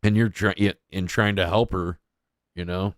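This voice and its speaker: A man's voice: low voice, steady tone, normal speed, no room sound, studio quality. A man giving casual, crude commentary on clips as a streamer, blunt and mocking.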